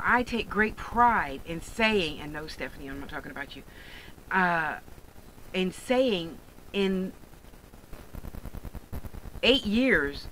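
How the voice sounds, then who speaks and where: A woman's voice: on the low side, a bit bright, slight background noise, low-quality recording. A woman who sells jewelry online, ranting bluntly and sarcastically in a profane vlog monologue. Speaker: online jewelry and crystal seller.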